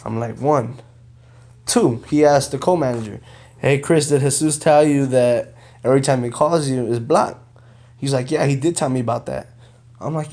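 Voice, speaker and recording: Young adult man, casual vlog storyteller, animated retelling with slangy asides. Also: a little high, a little fast. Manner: animated retelling, quotes others, frequent "bro" and "you know". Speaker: vlogger telling a personal story.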